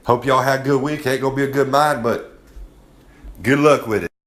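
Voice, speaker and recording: Man, brash wrestling promo, folksy drawl, middle pitch. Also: fairly even intonation, fairly quick, fairly bright tone. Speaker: wrestler segment host. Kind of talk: brash promo-style monologue.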